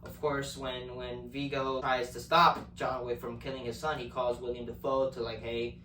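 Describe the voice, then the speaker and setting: A man's voice: mid-range voice, level tone, normal speed, pushed and bright, a little hiss or hum. A man talks through a casual movie review in a loose, profane, rambling way, restarting his sentences and repeating words as he goes. He sits back from the microphone, and his voice bounces around a roomy space. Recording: echoey room from a distance.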